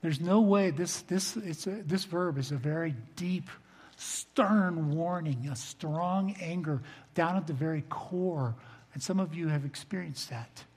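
An older man, a pastor preaching a sermon to his congregation, earnest, swinging between loud emphasis and soft low asides. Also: measured pace, breathy edge. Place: church sanctuary. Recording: long reverb of a large hall.

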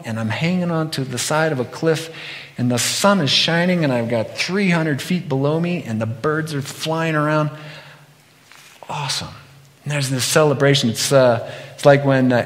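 A middle-aged man giving a conversational sermon, telling animated stories and acting out quotes. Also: medium pitch. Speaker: pastor. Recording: long hall reverb.

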